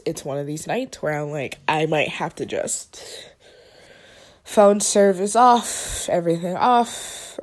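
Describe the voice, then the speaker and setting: A young woman with a stuffy nose, rambling candidly and swearing through a personal voice update after a long, emotional day. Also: darkish tone. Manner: rambling, candid, swearing, swings between low mumbling and high tearful outbursts.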